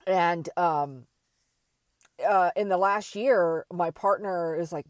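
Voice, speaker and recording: A middle-aged woman telling a candid personal story in a rambling, animated way, with many fillers and restarts. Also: mid-range voice, slow pace. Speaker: vlogger.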